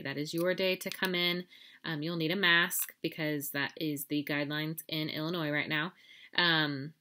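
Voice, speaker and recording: A woman's voice: sits low, fairly even intonation, normal speed, sharp tone. A woman teacher giving casual class announcements with many filler ums, then reading a picture book aloud.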